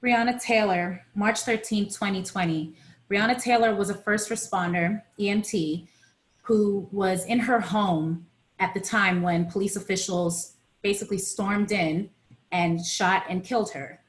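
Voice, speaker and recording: A woman on a video call, recounting events to an online group with frequent pauses and fillers. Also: mid-range voice, fairly even intonation, reverberant. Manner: hesitant, many fillers and restarts. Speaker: presenter on a panel. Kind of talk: reading a timeline to an online group.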